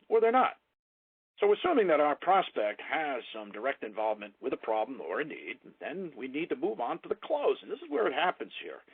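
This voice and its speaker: A man coaching sales calls, with a lively voice that rises and falls to stress key words. His voice is a little husky and comes through a tinny, phone-like line with no room echo. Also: mid-range voice. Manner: emphatic voice inflection, coaching tone. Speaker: sales trainer. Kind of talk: instructional talk.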